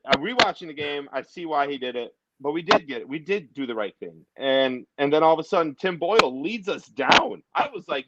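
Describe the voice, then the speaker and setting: A man hosting a casual sports talk show, animated and ranting in quick bursts. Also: on the high side, very noisy. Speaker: podcast host. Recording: dull lo-fi audio.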